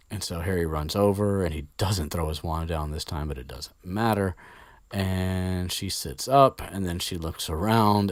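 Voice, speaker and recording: A man's voice: low voice, dry recording. A man casually retelling a story as podcast host, rambling with swearing and many fillers, close to the mic.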